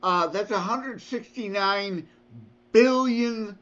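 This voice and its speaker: A man co-hosting a casual podcast, reasoning his way through numbers out loud. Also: high-pitched. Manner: works through numbers aloud, unhurried reasoning. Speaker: podcast co-host. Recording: dull, muffled lo-fi audio.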